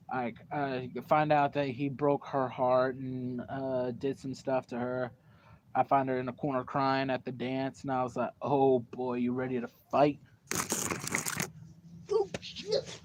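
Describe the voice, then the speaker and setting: A teenage boy telling a long, animated story to the camera at home, full of fillers and cursing. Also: medium pitch. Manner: animated, profane, rambling with fillers. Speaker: vlogger. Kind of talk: casual storytelling. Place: at home, indoors. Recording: dull lo-fi home recording, faint background noise.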